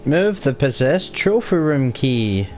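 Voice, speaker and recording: A man's voice: medium pitch, very animated, slow pace, a little mellow, faint music behind. A man casually commenting while playing a video game, chatty and joking, with the odd swear. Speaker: gaming streamer. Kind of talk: casual let's-play commentary.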